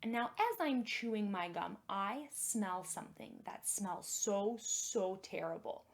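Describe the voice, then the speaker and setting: Slow, gentle woman teaching kids. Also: mid-range voice, animated. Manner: gentle, encouraging, exaggerated for kids. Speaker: children's music and magic teacher. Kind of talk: children's lesson with demonstrations.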